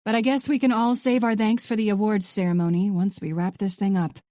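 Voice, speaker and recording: Wisecracking female ballistics expert, chatty, mellow warm tone, from the narrator. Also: medium pitch, steady tone, fairly quick, dry recording, clean studio sound, close to an everyday voice. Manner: joking, chatty.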